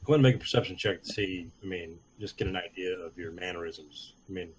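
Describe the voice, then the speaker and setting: Quiet low-voiced man gaming. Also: slight background noise. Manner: quiet, measured, low-key. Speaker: player. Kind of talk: casual tabletop game play.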